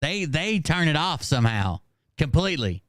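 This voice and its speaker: A man's voice: fairly high pitch, very animated, moderate pace, no room sound, clean studio sound. A Southern American man hosting a casual commentary, sarcastic and profane as he mocks the clips he plays. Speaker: host.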